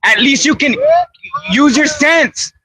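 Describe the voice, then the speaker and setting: In a played video clip, a shaken citizen filming a police stop sobs and begs repeatedly that he poses no threat during the roadside standoff. His voice is very high-pitched and slow, with heavy background noise.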